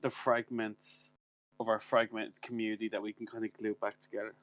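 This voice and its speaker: A man's voice: on the low side, little pitch movement, brisk, no room sound. A man co-hosting a casual podcast chat, joking, teasing and swearing. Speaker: podcast co-host.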